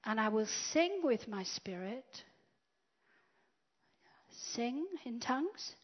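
A woman preaching a sermon, swinging from loud declarations to hushed whispers. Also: fairly high pitch. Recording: dull lo-fi sound.

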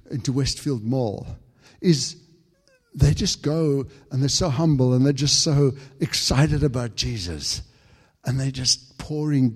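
A man preaching a fervent sermon to a congregation, stumbling over restarts as he builds to high, excited peaks. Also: slightly rough, big-room sound. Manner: frequent stammered restarts.

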